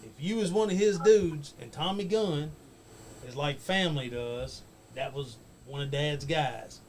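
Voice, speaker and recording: A man's voice: on the high side, a little slow, slight background noise. A man casually telling a rambling, profane backstage story as a guest on a talk show, laughing as he goes.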